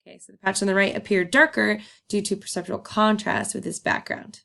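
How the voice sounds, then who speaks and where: Chatty woman teacher, slightly gravelly. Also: medium pitch, level tone, brisk, fairly bright tone. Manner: chatty, upbeat, laughs and says um often. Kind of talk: recorded classroom lesson.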